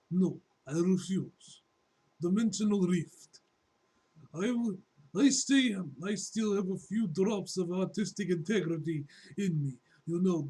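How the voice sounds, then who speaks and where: A man voicing a sly, mocking Russian man from a comic book, in a put-on Russian accent with a slow, hammy read. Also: high voice, mellow, breathy edge, poor audio.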